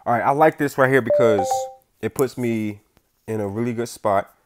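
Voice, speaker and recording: A young man giving casual gameplay commentary, using slang and swinging between hushed focus and loud outbursts. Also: medium pitch, moderate pace, heavy background noise. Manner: casual slang, says bro and y'all. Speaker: gaming YouTuber.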